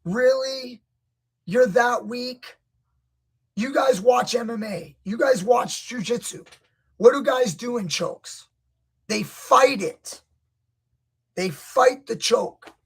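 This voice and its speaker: A man coaching grappling, breaking down a wrestling match with emphatic, opinionated commentary that rises to near-shouts when he gets indignant. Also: high voice, gravelly, slightly rough. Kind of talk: video commentary.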